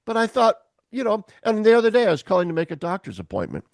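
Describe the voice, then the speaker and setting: A man hosts a podcast over a video call and tells animated, funny stories. He acts out the voices in his stories and laughs often. His sound is dry and close, with no room echo. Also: high voice, fast. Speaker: podcast host. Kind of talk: casual chat on a video call.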